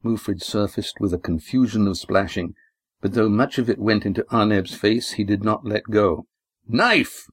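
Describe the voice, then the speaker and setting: A man narrating an adventure story at a steady, measured pace. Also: fairly low pitch, slightly rough, no room sound. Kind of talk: audiobook narration.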